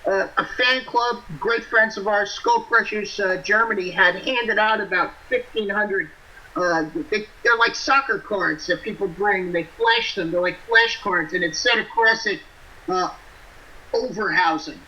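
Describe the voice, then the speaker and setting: A man's voice: sits high, measured pace, bright, forceful tone, muffled recording. A man, a band frontman, chatting as an interview guest and talking in long run-on lists. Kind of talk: casual interview chat.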